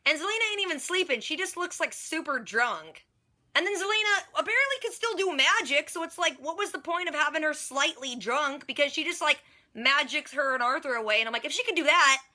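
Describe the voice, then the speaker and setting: A young woman vlogger giving a casual, slangy recap of a TV episode, with quick chatty asides. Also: sits high, pushed and bright.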